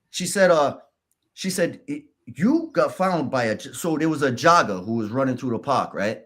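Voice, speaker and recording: A man, a podcast guest, telling his story candidly in a halting, casual way. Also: mid-range voice, lively intonation, fairly bright tone. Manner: candid, halting, restarts and fillers.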